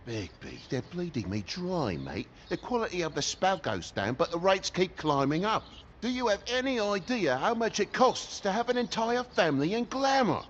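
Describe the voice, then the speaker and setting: Desperate English toad, video game, pleading, swearing, very lively pitch, dull lo-fi sound. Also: male voice, normal speed, slight background noise. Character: down-on-his-luck male toad in a tenement, pleading. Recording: dull, lo-fi game audio with faint ambience.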